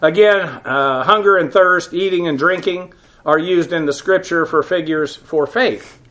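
A man's voice: fairly high pitch, a little slow, fairly bright tone. A middle-aged man giving a teaching sermon on scripture, explaining Greek grammar with frequent filler "uh"s. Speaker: Bible teacher.

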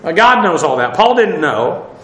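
A man's voice: on the high side, big pitch swings, moderate pace, fairly bright tone, reverberant. A man preaching a casual sermon, chatty, with wry asides and many fillers.

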